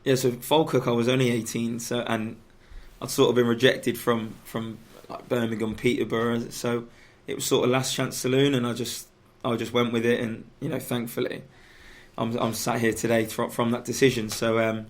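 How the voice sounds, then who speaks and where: A man, a footballer guest in a radio studio, chatting casually and haltingly with many restarts and fillers. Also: mid-range voice, flat delivery. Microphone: studio microphone.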